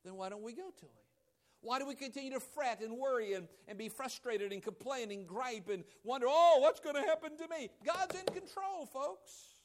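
A male pastor preaching a sermon, swinging between loud emphatic lines and quiet low asides, acting out quoted voices. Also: lively intonation, moderate pace.

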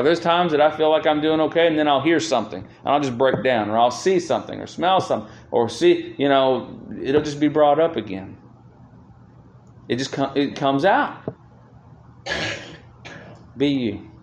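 A man's voice: a little high, slight background noise. A man preaching a sermon as pastor, speaking earnestly and swelling with feeling when he reads scripture aloud. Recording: roomy echo.

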